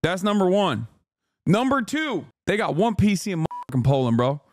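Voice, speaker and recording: A man streaming casual reaction commentary, talking emphatically, with frequent profanity and quick asides. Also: high voice, sing-song, a little hiss or hum.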